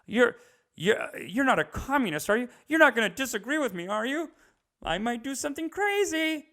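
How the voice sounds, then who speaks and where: A man's voice: very high voice, sing-song, moderate pace, bright, forceful tone, voice pushed up, exaggerated voice. A man putting on the voice of a tearful older male pundit, quivering and pleading as if about to cry. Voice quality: quivering, on the verge of tears.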